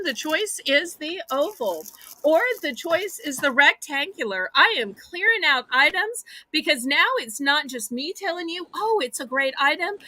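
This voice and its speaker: A woman with a Southern American accent hosting a live home-shopping auction, with chatty, animated selling patter. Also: high voice.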